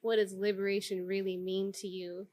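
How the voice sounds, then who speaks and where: A woman's voice: medium pitch, normal speed. Blunt, profane woman guest. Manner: blunt, profane, animated storytelling. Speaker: guest, photojournalist and activist. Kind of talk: candid conversational interview.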